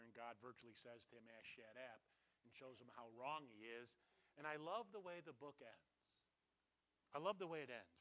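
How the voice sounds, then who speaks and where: Bright-voiced man preaching with swings in volume. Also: on the high side. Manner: swings from loud to hushed, asks the congregation. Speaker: pastor. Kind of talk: sermon.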